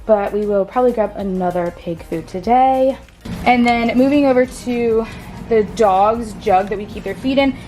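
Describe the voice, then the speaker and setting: Bubbly farm vlogger woman, fairly high voice. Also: moderate pace, mellow, soft background music. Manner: bubbly, talks sweetly to her animals. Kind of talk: casual vlog to camera. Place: outdoors on a farm, then a feed shed.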